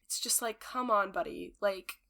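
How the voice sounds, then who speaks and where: A woman's voice: medium pitch, animated, moderate pace, creaky, sharp tone. A young woman co-hosting a podcast, chatting casually about a TV episode in an emphatic, slangy way and laughing often. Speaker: podcast co-host. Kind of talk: casual chat recapping a TV episode.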